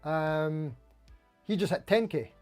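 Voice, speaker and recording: A man's voice: on the high side, slow, darkish tone, soft background music. A man hosting a casual livestream, greeting viewers by name and reading out their comments in a chatty, friendly way, often saying "mate" and "anywho". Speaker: livestream host.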